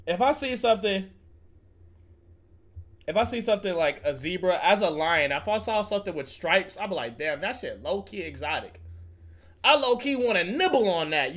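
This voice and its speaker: A man's voice: high-pitched, big pitch swings, moderate pace, a bit bright. A young man streaming, reacting to a video in slangy, profane casual talk. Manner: slangy and profane, says bro a lot.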